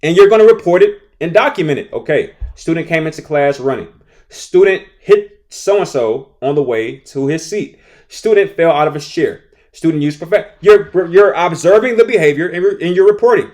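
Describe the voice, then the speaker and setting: A man's voice: fairly high pitch, lively intonation, moderate pace, darkish tone. A man hosting a solo podcast for teachers, talking casually and repeating himself as he gives advice. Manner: conversational, repeats himself, acts out angry teachers and rude students.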